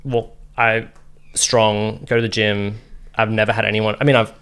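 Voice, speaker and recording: Gravelly Australian man, rambling chat. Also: on the low side, little pitch movement, normal speed, fairly bright tone. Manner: rambling, filler-heavy, laid-back. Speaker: podcast co-host. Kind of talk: casual chat.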